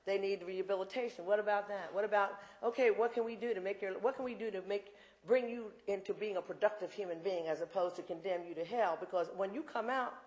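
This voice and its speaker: A woman's voice: medium pitch, fast talker, darkish tone, reverberant. A woman in her sixties giving a blunt, impassioned campus talk full of asides, then taking audience questions. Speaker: invited speaker. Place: university lecture room.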